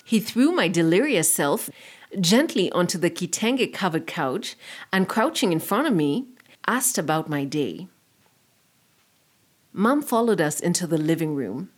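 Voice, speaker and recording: A woman narrating a story in a measured, expressive way. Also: lowish voice.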